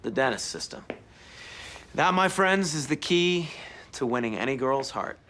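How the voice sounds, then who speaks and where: A podcast host putting on the voice of a smug man who boasts about his dating scheme, in a slow, theatrical delivery. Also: mid-range voice, animated, a bit bright, a little hiss or hum, pitched below the performer's own voice.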